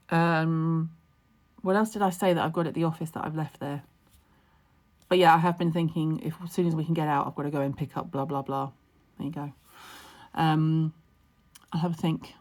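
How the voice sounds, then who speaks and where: A woman giving brisk, frank skincare advice in a casual livestream Q&A, chatty and full of ums. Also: fairly low pitch. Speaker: skincare expert answering viewer questions. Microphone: phone on a livestream.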